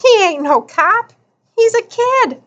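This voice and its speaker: A woman voicing a loud little boy of about eight who blurts things out. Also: high voice, big pitch swings, slow pace, lo-fi sound, full character voice. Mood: defiant. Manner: blurting, snickering.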